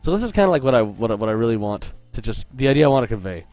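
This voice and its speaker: A game artist streams himself sketching, firing off sing-song, very fast chatter as he greets viewers, jokes and interrupts himself. His voice is mid-range and a little mellow, recorded dry, with soft background music.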